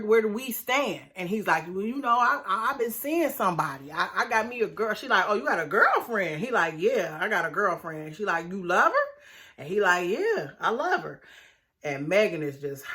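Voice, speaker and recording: A woman talks through a reality show episode in a casual, chatty way. Her voice is bright and forward, and she keeps breaking into exclamations. She acts out the quoted lines in a lower voice. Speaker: reality TV recap host. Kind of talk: casual recap commentary.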